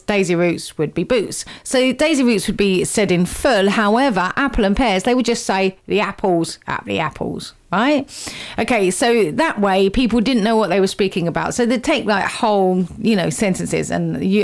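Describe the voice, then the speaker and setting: A woman hosting a chatty, playful slang lesson for a group, laughing often as she teases and encourages them. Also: mid-range voice. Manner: laughs a lot, teasing and upbeat. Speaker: host teaching slang to a group.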